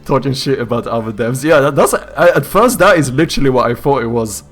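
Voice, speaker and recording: A young man speaking at a middling pitch, chatting on a live stream from his home setup. He reacts to viewer messages in an animated way, swearing and laughing as he goes. Faint music plays low in the background. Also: brisk. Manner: reads out and answers viewer chat. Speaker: streamer and game developer. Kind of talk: casual live-stream chat.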